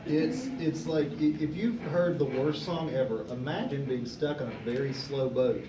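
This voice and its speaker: A man's voice: mid-range voice, moderate pace. A young man moderating a convention panel, telling a casual anecdote with frequent laughter. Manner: animated storyteller, laughing often. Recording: echoey room, distant mic, background noise.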